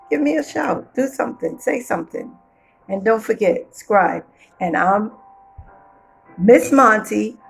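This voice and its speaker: A woman reading a children's storybook aloud with playful, expressive storytelling. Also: mid-range voice, creaky, poor audio.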